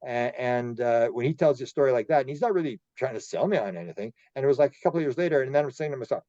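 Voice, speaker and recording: Canadian guy telling stories on a podcast, stumbles and repeats himself, mellow voice, bit muffled. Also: mid-range voice, animated, rapid-fire, no room sound. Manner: rambling, repeats words, acts out quoted dialogue. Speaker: podcast guest, UFO researcher. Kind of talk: storytelling interview.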